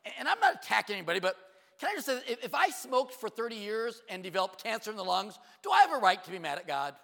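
A middle-aged male pastor preaching with a lively, swooping high voice that turns gravelly in places. He throws out rhetorical questions and quick asides, then drops low for emphasis. The sound carries the long reverb of a church hall. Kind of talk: sermon. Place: church sanctuary.

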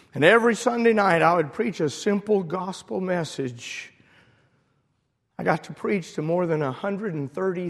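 Preacher with shouted emotional storytelling. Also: male voice, fairly high pitch, creaky. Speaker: pastor. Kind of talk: sermon. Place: church sanctuary. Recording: long hall reverb.

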